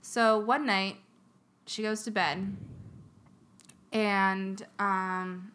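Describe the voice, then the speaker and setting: A woman co-hosting a podcast, telling a scary story in a rambling, giggly way and dropping to a hushed near-whisper. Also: medium pitch, fairly even intonation, very slow, clean tone. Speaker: podcast co-host. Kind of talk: casual chat, telling scary stories.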